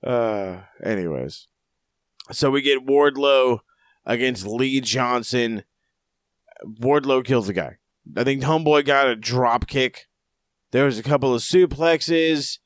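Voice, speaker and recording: A man's voice: medium pitch, takes it slowly, dry recording, studio quality. Profane joking wrestling podcast man. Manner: rambling, profane, jokey recaps. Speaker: podcast co-host. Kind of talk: casual wrestling review chat.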